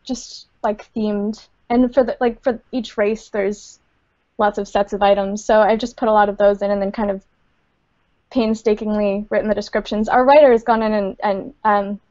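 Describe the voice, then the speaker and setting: A woman's voice: mid-range voice, fairly even intonation, normal speed, darkish tone, highs cut off. A woman, a game studio community manager, chatting casually in an interview with many fillers and frequent laughs, over a computer microphone.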